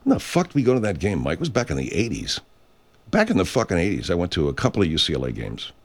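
A man's voice: low voice, huge pitch swings, quick pace. A man hosting a radio show in casual chat, rambling, restarting sentences and swearing freely. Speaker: host.

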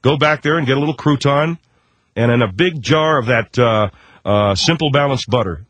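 A man putting on a famous athlete reading a cheesy mock ad, in a husky voice. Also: medium pitch, normal speed, a bit bright, no room sound, close to an everyday voice. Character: mock ad of a famous male athlete, folksy pitchman.

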